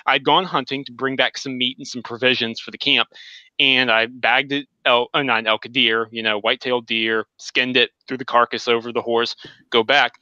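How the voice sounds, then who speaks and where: On a casual gaming podcast, a male co-host tells stories with enthusiasm and animation, acting out the quotes. His mid-range voice runs at normal speed, and the audio is dry and dull.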